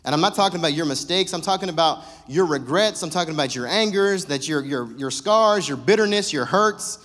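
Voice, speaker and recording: A man's voice: fairly high pitch, expressive, brisk, fairly bright tone. A young man preaching a sermon in a casual, joking, conversational way. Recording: long reverb of a church hall.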